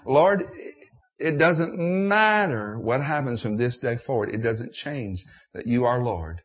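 A man's voice: mid-range voice, lively intonation, slow pace. A middle-aged man preaching a sermon, emotional and repetitive, with restarts.

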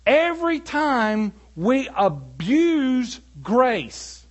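A man preaching a sermon, animated and building to emphatic peaks. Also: extremely high pitch, very slow.

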